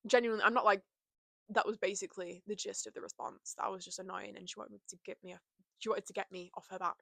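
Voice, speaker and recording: A woman's voice: mid-range voice, fairly even intonation, quick pace, creaky, fairly bright tone, no room sound. A young woman chatting casually and openly to camera from her bedroom, full of "like" and "you know". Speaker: vlogger. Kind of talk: casual confessional chat.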